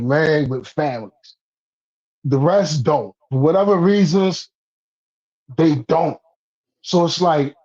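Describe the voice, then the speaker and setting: Husky high-voiced man ranting on a stream. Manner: rambling, repeats himself, swears, builds to loud outbursts. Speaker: guest on a talk stream. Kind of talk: heated casual chat. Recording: dull lo-fi stream audio.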